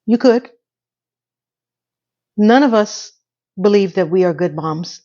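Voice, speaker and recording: A woman's voice: mid-range voice, lively intonation, takes it slowly, mellow, highs cut off. A middle-aged woman giving a chatty, opinionated recap of a TV episode and offering life advice.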